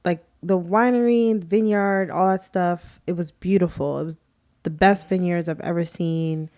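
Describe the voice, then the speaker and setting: A woman's voice: lowish voice, moderate pace. A young adult woman co-hosting a podcast, chatting casually and acting out the people in her stories. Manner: animated storyteller, quotes people in voices. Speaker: podcast co-host. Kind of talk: casual chat.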